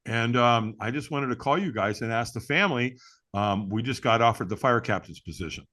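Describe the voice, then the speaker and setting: Speaking briskly at a medium pitch, this middle-aged firewalk instructor is the guest in a relaxed chat. He tells lively stories, voices the quotes himself, and laughs a lot.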